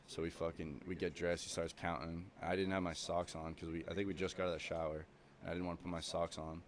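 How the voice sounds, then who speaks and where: A man's voice: low-pitched, flat delivery, fast, slight background noise. A young man talking as a podcast guest, telling stories in a rambling way with lots of swearing and fillers. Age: young adult. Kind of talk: casual chat.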